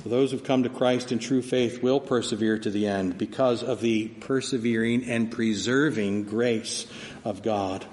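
A man giving a sermon as pastor, preaching dynamically and swinging from soft, slow words to loud emphasis. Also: medium pitch, fairly even intonation, a little hiss or hum. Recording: long hall reverb, faint ambience.

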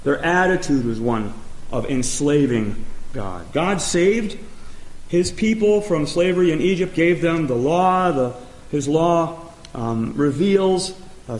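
A man preaching a sermon, speaking emphatically and pausing often as he reads scripture. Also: a little high, darkish tone. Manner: slow, emphatic preaching with pauses and restarts. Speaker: pastor. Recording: echoey room.

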